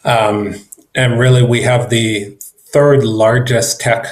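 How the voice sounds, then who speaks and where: A man's voice: mid-range voice, little pitch movement, takes it slowly. A man, a government trade representative, speaking at a virtual event in a conversational way with fillers and restarts. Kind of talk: conference remarks.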